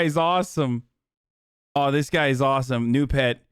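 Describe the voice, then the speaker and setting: A man casually commenting on a live stream, blunt, offhand and profane. His mid-pitched voice is smooth and clear. The desk microphone gives a dry, close sound. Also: normal speed, no echo. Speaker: livestreamer.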